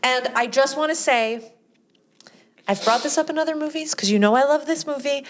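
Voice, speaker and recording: A woman co-hosts a casual podcast, retelling a film scene by scene. Her voice sits slightly high and she slips into the characters' lines with animated energy. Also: normal speed, slight background noise. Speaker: podcast co-host reviewing a movie. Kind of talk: casual chat.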